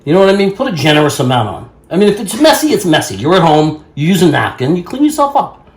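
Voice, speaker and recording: A man's voice: a little high, very animated, quick pace. A man chatting casually in a rambling, self-amused way while cooking at home. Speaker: home cook vlogger. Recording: echoey room.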